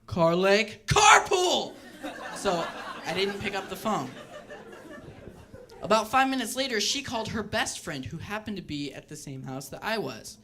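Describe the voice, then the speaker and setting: A young man doing a stand-up comedy set on a club stage, telling animated stories and mimicking the voices of people in them. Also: high-pitched, moderate pace, a crowd in the background, background noise.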